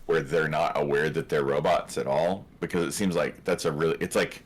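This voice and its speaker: A man co-hosting a movie review, chatting casually, laughing often and acting out lines in quick asides. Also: rumbling low, steady tone, slightly rough.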